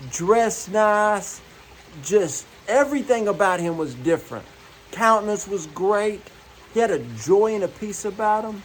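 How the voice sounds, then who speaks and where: A man's voice: high-pitched, slight background noise, low-quality recording. A man preaching a morning devotional, earnest and repeating his key phrases as he tells personal stories.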